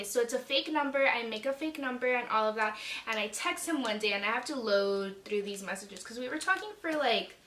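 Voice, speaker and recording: Bright-voiced young woman, echoey room. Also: fairly high pitch. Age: young adult. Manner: chatty, dramatic, swears freely. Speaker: vlogger. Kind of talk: casual storytime vlog. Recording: echoey room, mic a bit far.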